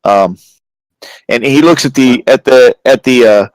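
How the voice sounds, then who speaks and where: A man narrating a tabletop game as game master, halting and dramatic with many restarts. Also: medium pitch, dry recording, low-quality recording.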